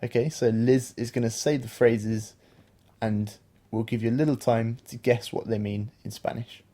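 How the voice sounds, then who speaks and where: Male podcast teacher, patient and explanatory, mellow low-key tone. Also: fairly even intonation, normal speed. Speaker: language teacher, podcast co-host. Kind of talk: explaining a beginner language lesson.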